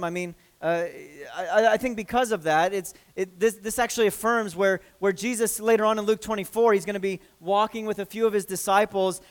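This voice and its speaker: High, clear-voiced man preaching a sermon. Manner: earnest preaching with frequent restarts and acted quotes. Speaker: pastor.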